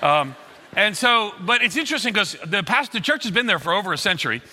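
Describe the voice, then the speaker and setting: A middle-aged man preaching in a large hall, his voice bright and cutting with a high, lively pitch. He tells stories with animated, acted-out quotes, and a long reverb trails behind each phrase. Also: quick pace. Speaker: pastor. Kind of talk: sermon.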